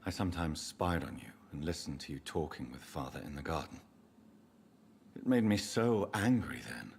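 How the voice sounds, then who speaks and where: Deep-voiced, sorrowful son. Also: male voice, expressive, normal speed. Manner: quiet, restrained, gentle. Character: sorrowful adult son, restrained, gentle. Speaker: game character. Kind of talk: video game voice acting. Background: game music.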